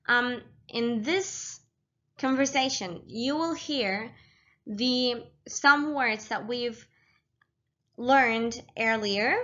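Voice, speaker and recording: Bright-voiced woman teaching vocabulary. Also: on the high side, muffled recording. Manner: patient, repeats words slowly with hesitant fillers. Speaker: language teacher. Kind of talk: casual spoken lesson.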